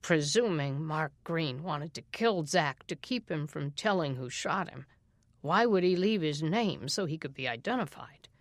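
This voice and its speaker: A woman voicing a measured, soft-spoken small-town sheriff. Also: low voice, animated, no room sound, studio quality, pitched below the performer's own voice. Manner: quiet, reasoning. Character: small-town sheriff, middle-aged man, reluctant and measured.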